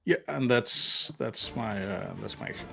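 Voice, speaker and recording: A man playing a tabletop game, hesitant and halting. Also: on the low side, expressive, vocal fry, pushed and bright, faint music behind. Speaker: player.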